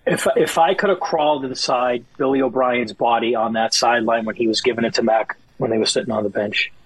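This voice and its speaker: A man in casual sports podcast chat, rambling and animated, mock-quoting people in exasperated bursts. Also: mid-range voice, fairly quick, husky, poor audio. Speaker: podcast guest.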